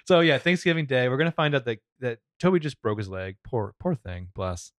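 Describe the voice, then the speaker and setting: A man's voice: mid-range voice, animated, fairly quick, fairly bright tone, no room sound, studio quality. A man co-hosting a podcast, chatting casually in a jokey way with playful asides. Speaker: podcast co-host. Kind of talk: casual chat.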